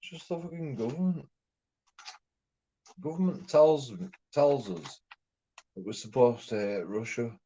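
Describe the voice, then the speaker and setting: A man's voice: medium pitch, measured pace, long pauses, warm tone. A man from England, ranting in a rambling, repetitive way and swearing constantly. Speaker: streamer. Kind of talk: profane ranting monologue. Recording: dull lo-fi recording.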